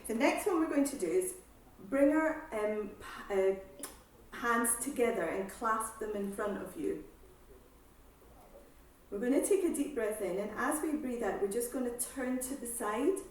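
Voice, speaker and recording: A woman exercise instructor calmly guiding a seated breathing class, with slow breath cues and counting. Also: a little high. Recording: echoey room, voice from far off.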